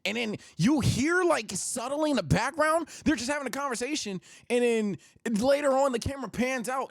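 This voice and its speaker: A young man streaming, ranking anime in loud, profane, animated casual chat. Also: very high-pitched, fairly quick, vocal fry, few pauses, no room sound, clean studio sound.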